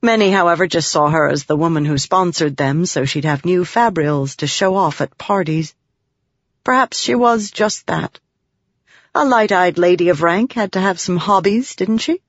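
A woman narrating an audiobook in an expressive storytelling manner, recorded dry and slightly muffled. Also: fairly low pitch, normal speed, no echo. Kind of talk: scripted narration.

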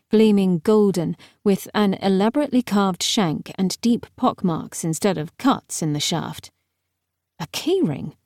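A woman narrates a novel with wry, even storytelling. Her voice sits in a middle range and is recorded dry and close, with no room sound. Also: medium pitch, no room sound. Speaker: audiobook narrator. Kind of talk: scripted narration.

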